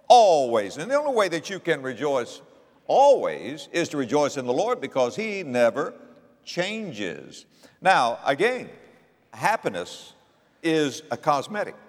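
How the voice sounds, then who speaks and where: A man's voice: fairly high pitch, long reverb tail. A man preaching a sermon in an emphatic, dynamic way, often chuckling.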